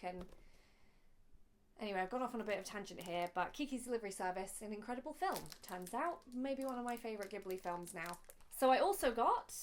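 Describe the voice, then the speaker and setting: Chatty young woman vlogger. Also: mid-range voice. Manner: gushing, chatty, easily emotional. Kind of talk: casual haul vlog.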